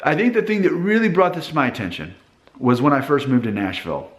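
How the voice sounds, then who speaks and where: A man's voice: fairly high pitch, lively intonation, quick pace, echoey room. A young man from northern Alabama, hosting a casual vlog and musing aloud as he talks. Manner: conversational, musing, thinking aloud with restarts. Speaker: channel host.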